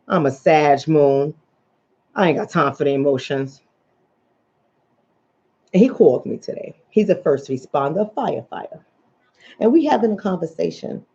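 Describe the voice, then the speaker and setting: A woman from the New York and New Jersey area with that accent, hosting a casual livestream as a relationship coach and reading out viewer comments in an animated storytelling manner. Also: low-pitched, normal speed, pauses often, breathy edge. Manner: animated storytelling, acts out quoted voices. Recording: dull lo-fi audio.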